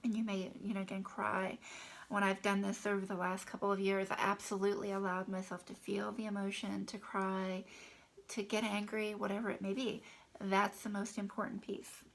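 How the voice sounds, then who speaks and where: A woman guiding a tapping exercise, speaking affirmations in a soft, half-whispered breathy voice between plain explanations. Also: mid-range voice, level tone, moderate pace, low-quality recording. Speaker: tapping coach. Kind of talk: guided tapping instruction.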